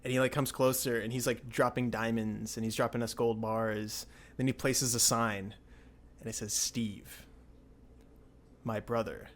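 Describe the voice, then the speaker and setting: A young man hosting a podcast, telling a story in a rambling, excitable way with lots of filler words. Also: mid-range voice, moderate pace. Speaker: podcast host. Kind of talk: casual storytelling chat.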